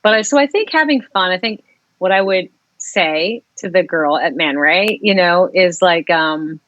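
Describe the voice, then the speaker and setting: A woman's voice: medium pitch, no room sound, dull audio. A woman singer-songwriter talking frankly and reflectively as a guest in a casual interview, rambling and swearing at times.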